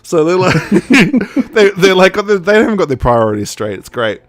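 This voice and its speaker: A man hosting a podcast, recapping a story in a casual, animated way, laughing often and slipping into quick character voices. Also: high-pitched. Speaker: podcast host. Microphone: podcast microphone.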